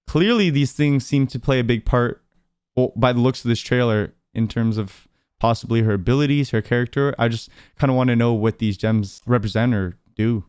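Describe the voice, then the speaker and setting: Chatty male interviewer with a smooth voice. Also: medium pitch, normal speed, darkish tone, dry recording, studio quality. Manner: chatty, laughs often, many fillers. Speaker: interviewer and streamer host. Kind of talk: casual interview over a video call. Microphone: video call.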